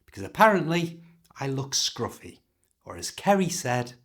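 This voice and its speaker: A man with a British accent teaching English learners, explaining everyday phrases and slowly modelling how to pronounce them. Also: medium pitch, sing-song. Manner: clear, slow modelling of pronunciation.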